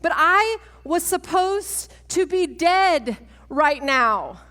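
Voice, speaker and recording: A woman, giving a testimony talk at a women's church event, animated and self-mocking, laughing often. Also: very high-pitched, very slow. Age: 40s. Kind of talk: sermon-style testimony talk. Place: large church hall. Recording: long church hall reverb.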